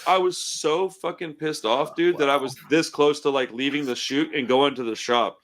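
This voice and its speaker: A man who runs a record store, telling a story on a casual podcast in an animated, profane way, with lots of "I was like.". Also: fairly high pitch, normal speed.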